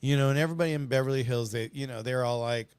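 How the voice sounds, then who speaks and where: A man's voice: mid-range voice, racing, smooth, no room sound. A middle-aged man chatting as a guest, telling stories in an earnest, rambling way. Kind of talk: casual storytelling chat.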